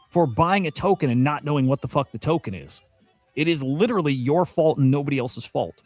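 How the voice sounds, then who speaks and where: A man's voice: fairly high pitch, fairly quick, a little mellow, no room sound, faint music behind. A man streaming crypto news commentary. He rants bluntly and swears often, repeats himself, and sounds exasperated. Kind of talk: casual ranting commentary.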